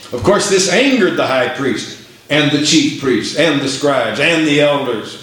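A man preaching a sermon emphatically, acting out the voices in scripture. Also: mid-range voice. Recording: echoey room.

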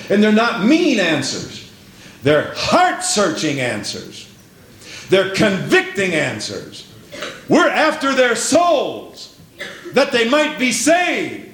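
A man preaching a fervent sermon, repeating phrases and calling out amen and praise the Lord. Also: fairly high pitch. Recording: very echoey hall with faint hiss.

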